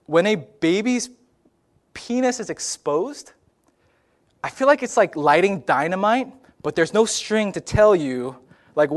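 A young man telling a comic personal story in a sermon-style talk, animated and lively. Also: on the high side.

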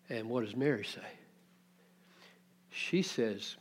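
A man's voice: mid-range voice, big pitch swings, unhurried, a little mellow, husky. A man preaching an expository sermon, teaching reflectively and posing rhetorical questions to his listeners.

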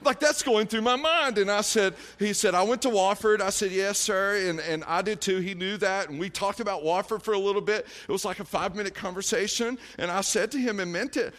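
A man's voice: high-pitched, animated, normal speed, fairly bright tone. A middle-aged man, preaching a sermon, telling a story conversationally with fillers and restarts before building to emphatic exhortation. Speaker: pastor.

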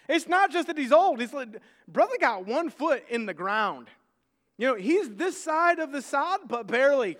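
Pastor, 30s, man, very high voice, stammering restarts, sermon in a reverberant hall. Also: fairly bright tone. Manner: conversational, repeats words when starting sentences, quoting scripture. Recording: long reverb of a large hall.

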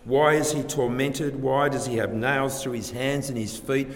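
Earnest male preacher, mid-pitched, rhetorical, reverberant church hall. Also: fairly even intonation, moderate pace. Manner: earnest, rhetorical questions, varies loudness for emphasis. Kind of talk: sermon. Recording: long hall reverb, faint background ambience.

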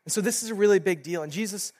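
A young man preaching to a youth group, reading scripture, praying and telling a casual personal story with animated bursts. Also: high voice, rapid-fire. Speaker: youth pastor. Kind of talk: sermon with prayer and personal story.

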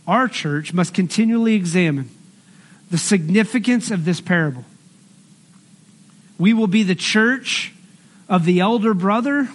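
High-voiced male pastor preaching. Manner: earnest, conversational preaching with personal stories. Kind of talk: sermon.

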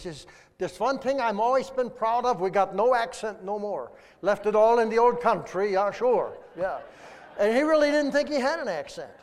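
An older man, a guest speaker, preaching a sermon and telling a family story in a folksy, animated way. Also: a little high. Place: large church sanctuary. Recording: long reverb of a large hall. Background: congregation.

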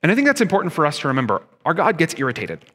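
Pastor, man in his thirties, bright and slightly high voice, conversational sermon with rhetorical questions, long church reverb. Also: wildly swooping pitch, very fast, breathy edge.

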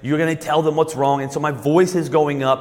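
A man preaching a sermon as pastor. He repeats and restarts words, then slows down and lifts his voice to stress key points. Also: on the high side, steady tone, darkish tone, in a large hall.

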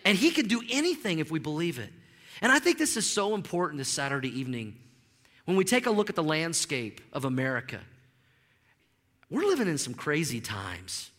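A high, bright male voice carries a lively, emphatic sermon, tumbling over repeated words before he drives each point home. His pastor's delivery rings out through a large church sanctuary with a long reverberant tail. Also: brisk. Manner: animated, emphatic preaching with frequent stammered restarts.

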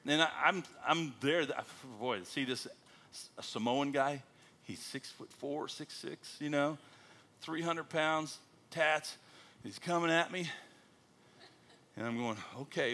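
A man, a missionary pastor telling folksy, humorous stories in a sermon at church. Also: on the high side. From United States. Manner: animated, folksy storytelling with self-deprecating humor.

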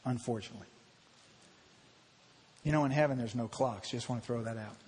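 A man's voice: mid-range voice, fairly quick, darkish tone. A man preaching a conversational sermon as pastor, heartfelt and confessional, rising into emphatic bursts. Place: church sanctuary. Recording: long church reverb.

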